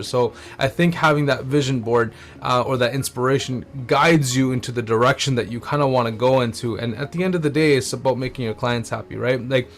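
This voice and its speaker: A man who is a wedding photographer, talking as an interview guest in an agreeable, relaxed way with fillers. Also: mid-range voice. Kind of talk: casual interview chat.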